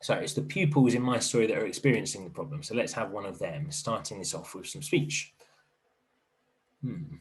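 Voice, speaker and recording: A man teaching an online primary literacy lesson in a gentle, encouraging way, thinking aloud as he writes. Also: lowish voice, normal speed.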